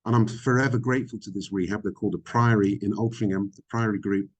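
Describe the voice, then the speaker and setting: A middle-aged man speaking frankly as a podcast guest, reflective and halting, with many ums. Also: on the low side, fairly even intonation. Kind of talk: candid interview conversation.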